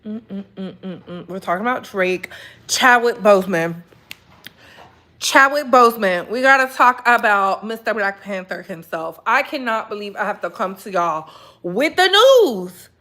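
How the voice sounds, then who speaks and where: A woman's voice: medium pitch, big pitch swings, normal speed, sharp tone. A woman hosting a casual gossip livestream, chatting and greeting viewers by name, often repeating phrases. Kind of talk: casual live chat.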